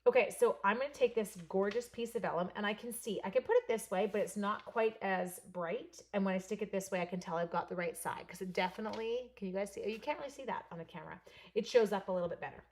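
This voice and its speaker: A woman from Canada running a live card-making demo, chatting with viewers by name, her voice a little hoarse. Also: mid-range voice, fast talker, a little mellow. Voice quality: slightly hoarse voice. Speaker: stamping and card-making demonstrator. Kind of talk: live crafting demo with chat replies.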